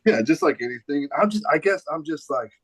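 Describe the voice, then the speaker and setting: A man's voice: fairly high pitch, animated, fairly quick, fairly bright tone, breathy edge, dry recording. A man in his forties from the St. Louis area, a podcast guest telling stories in a blunt, laid-back way full of swearing and "dude". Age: 40s. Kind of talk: casual storytelling chat.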